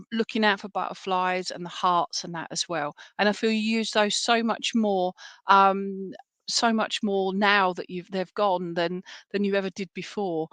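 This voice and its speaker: Gentle woman medium, dry close sound. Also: medium pitch, dry recording. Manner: gentle, reassuring, full of fillers and "all right?" tag questions. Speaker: spiritualist medium. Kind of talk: relaying clairvoyant messages at an online service. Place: at home for an online church service.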